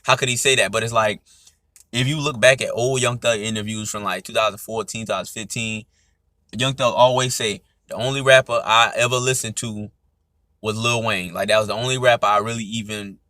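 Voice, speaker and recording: A man's voice: on the low side, steady tone, brisk, bright, forceful tone, dry recording, studio quality. A young man with an Atlanta accent, hosting his own podcast and talking through his opinions in a loose, casual way, often tagging on "you know what I'm saying.". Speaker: podcast host. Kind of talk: casual solo commentary.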